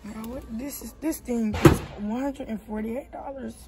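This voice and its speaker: A woman's voice: on the high side, normal speed, very noisy. A young woman, a mother chatting to her viewers on a phone while shopping in a big store. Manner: chatty, addresses viewers as y'all. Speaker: vlogger, mother. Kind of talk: casual vlog while shopping. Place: large store indoors.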